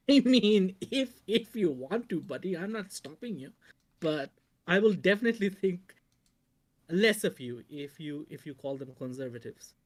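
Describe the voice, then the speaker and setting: A man with an Indian accent and a slightly higher voice chats on a livestream, expressive in cadence and quick to agree or joke. His voice sounds dry and close. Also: no room sound. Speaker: podcast co-host. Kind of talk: casual livestream chat.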